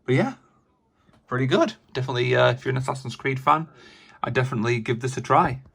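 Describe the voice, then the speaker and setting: A man with a hoarse, raspy voice, chatting casually in a gaming vlog and rambling with many fillers. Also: mid-range voice, animated, quick pace, fairly bright tone. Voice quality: raspy, gravelly. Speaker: vlogger.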